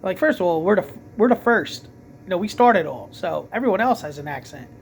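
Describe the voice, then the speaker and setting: A man's voice: sits high, animated, a little fast, creaky, a little hiss or hum. A man with a Philadelphia accent, ranting casually to camera late at night as a vlogger, rambling with lots of fillers and restarts.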